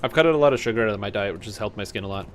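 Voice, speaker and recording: A man's voice: lowish voice, very fast, slight background noise. A young man streaming a game, chatting casually and rambling through stories. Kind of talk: casual chat while gaming. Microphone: webcam-streaming setup.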